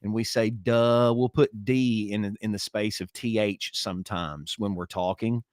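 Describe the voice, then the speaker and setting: A man's voice: fairly low pitch, unhurried, darkish tone, dry recording, studio quality. A man with a Southern American accent, co-hosting a podcast and chatting casually, nitpicky and talking in stops and starts. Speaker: podcast co-host. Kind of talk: casual chat.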